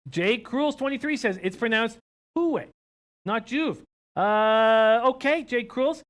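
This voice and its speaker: Speaking slowly in a very high voice, a young man from Canada runs a relaxed sports betting stream. He reads out betting lines and viewers' comments, his talk full of ums and uhs.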